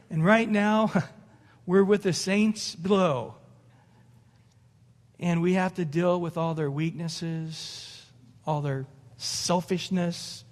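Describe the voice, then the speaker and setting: A middle-aged man preaching in a high, light voice, loose and conversational, breaking into short acted-out exchanges. The sound carries a long reverb from a church hall. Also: darkish tone. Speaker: pastor. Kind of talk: sermon. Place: church sanctuary.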